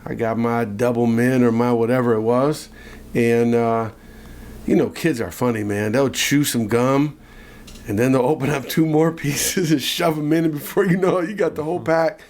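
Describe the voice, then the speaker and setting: A man co-hosting a casual podcast, telling a childhood story with animated asides. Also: mid-range voice, normal speed. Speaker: podcast co-host.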